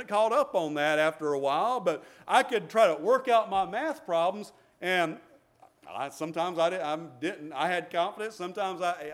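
A middle-aged man delivers a sermon in a relaxed, conversational way. His voice sits high for a man. He often repeats words and adds short chuckles between points. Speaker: preacher.

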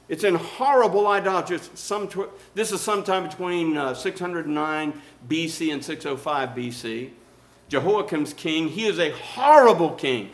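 A man preaching a sermon, swinging from quiet teaching to loud, animated outbursts. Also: sits high. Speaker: pastor.

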